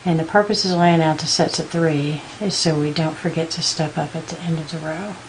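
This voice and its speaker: A woman giving a patient step-by-step beading tutorial, counting out beads slowly as she works. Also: low voice, steady tone, a little hiss or hum, poor audio. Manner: patient, counts beads aloud in slow steps. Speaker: beading instructor.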